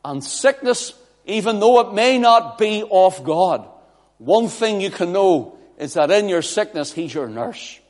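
A man preaching a fervent sermon in a church, swinging between loud declarations and hushed pleading. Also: sits high, lively intonation, a little slow. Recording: long reverb of a large hall.

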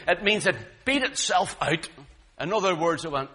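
A man preaching a sermon, swinging dramatically between booming lines and hushed ones. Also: very animated, unhurried, husky.

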